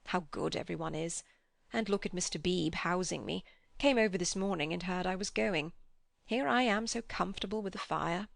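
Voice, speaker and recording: Woman doing a gentle old guy, kinda gravelly, slow and earnest, storybook reading, dry close mic. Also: lowish voice, no room sound. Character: kindly old widowed man, gentle and grave. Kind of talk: audiobook character reading.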